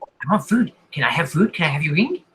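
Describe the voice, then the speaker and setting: A man's voice: fairly high pitch, very animated, fairly quick, fairly bright tone, slightly rough, exaggerated voice, low-quality recording. A man putting on a crazed, hungry cave creature. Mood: manic. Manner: repetitive, muttering, whispery.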